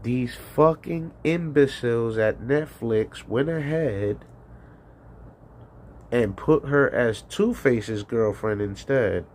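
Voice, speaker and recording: A man's voice: medium pitch, takes it slowly, slight background noise. A man hosting a call-in livestream, rambling casually with profanity and frequent laughter. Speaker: call-in show host.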